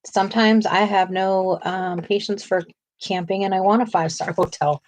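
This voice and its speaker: A woman's voice: mid-range voice, fairly even intonation, moderate pace, a little mellow, a little hiss or hum. Chatty woman co-hosting a coloring stream. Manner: chatty, asks viewers questions, laughs often. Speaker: co-host of a live coloring stream. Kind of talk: casual chat while coloring.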